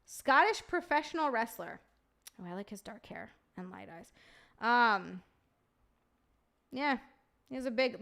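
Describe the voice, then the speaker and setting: Young woman streamer, casual chat with viewers, swears freely, bubbly, voice sits a bit high. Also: a bit bright. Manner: profane, bubbly banter. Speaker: live streamer.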